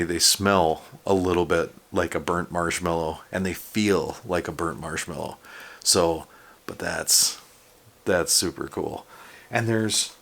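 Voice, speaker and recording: A man's voice: sits low, fairly bright tone. A man hosting a casual unboxing video, talking enthusiastically and rambling with lots of fillers. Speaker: toy unboxing vlogger. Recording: background noise from handling packaging.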